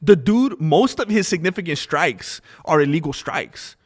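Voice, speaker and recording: A man hosting a casual livestream, giving opinionated, animated commentary and reading out chat messages. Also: a little high, normal speed. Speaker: livestream host.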